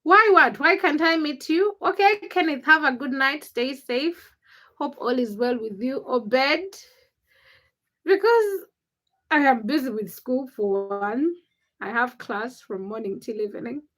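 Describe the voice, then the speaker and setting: Ugandan woman, young adult, high voice, live-chat host greeting viewers, playful and self-mocking. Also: lively intonation, measured pace, bright, forceful tone. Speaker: livestream host. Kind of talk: casual livestream chat.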